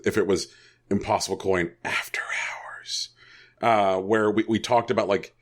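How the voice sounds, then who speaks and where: A man co-hosting a podcast, rambling a bit as he searches for his words. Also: deep voice. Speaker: podcast co-host. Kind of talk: casual podcast chat.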